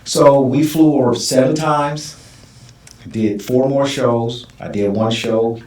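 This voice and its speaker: A man telling a long personal story in a casual interview, lively, and acting out the other people's lines in his own voice. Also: medium pitch, slow. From Southern California. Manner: animated storytelling, acts out quoted voices. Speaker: guest. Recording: echoey room, mic at a distance.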